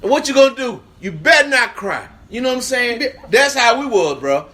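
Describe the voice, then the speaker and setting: A middle-aged man in casual conversation, telling stories and repeating lines for emphasis. His voice is high and bright, with wide, lively swings in pitch. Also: brisk. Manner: storytelling, animated, repeats phrases. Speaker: guest. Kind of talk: casual chat.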